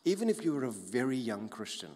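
Pastor preaching in a hall. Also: male voice, medium pitch, brisk. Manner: animated, conversational, with tag questions. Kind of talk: sermon. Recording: long hall reverb.

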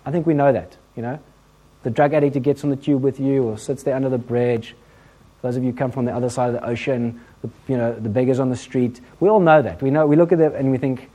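A man with an English accent preaching a sermon in a conversational, humorous style, full of asides and lively retellings. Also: medium pitch, fast, breathy edge. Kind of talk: sermon with storytelling.

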